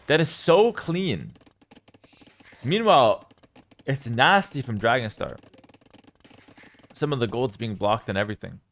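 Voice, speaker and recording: A man streaming live esports commentary on a strategy match, reading out chat and swinging between loud hype and low, calm play calls. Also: measured pace, long pauses.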